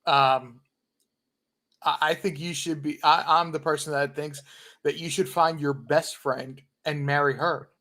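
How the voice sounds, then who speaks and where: A co-host chats on a casual late-night livestream. The voice sits at a middle pitch and stumbles over restarts, quick to say sorry. It comes through a video call. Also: steady tone, fairly bright tone. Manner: quick to apologize, stammering restarts.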